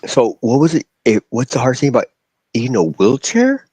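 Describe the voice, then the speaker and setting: A man's voice: mid-range voice, very animated, moderate pace, dark tone, husky, dry recording. A man in casual conversation who keeps asking curious questions. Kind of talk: casual chat.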